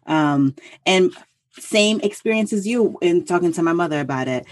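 A woman's voice: lowish voice, lively intonation, normal speed, a little mellow. A young adult woman, a podcast guest, telling stories in a frank, humorous, casual way. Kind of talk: casual conversation.

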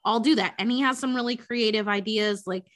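A woman's voice: fairly high pitch, a little fast, a bit bright. A woman in casual chat, retelling a story with frequent swearing and acted-out quotes. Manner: chatty, swears freely, acts out quotes. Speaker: podcast co-host recapping a film.

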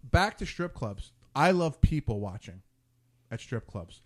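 A man hosts a casual talk show, telling crude stories in an animated way and acting out the dialogue by quoting his friends. His mid-range voice is unhurried.

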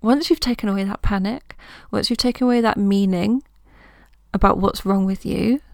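A woman coach hosting her own podcast, talking through ideas in a gentle, reassuring way, as if thinking aloud. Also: mid-range voice, normal speed, gravelly, no echo, studio quality. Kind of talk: reflective solo podcast talk.

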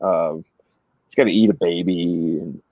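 A middle-aged man casually telling anecdotes as a guest, animated and laughing as he goes. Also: deep voice, slow pace, no echo. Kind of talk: casual storytelling. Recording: dry, slightly dull sound.

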